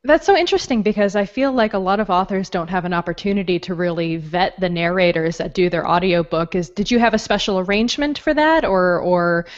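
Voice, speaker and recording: A woman's voice: fairly low pitch, fairly quick, few pauses, muffled recording. A woman hosting an interview, asking questions in a curious, engaged way. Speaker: podcast host.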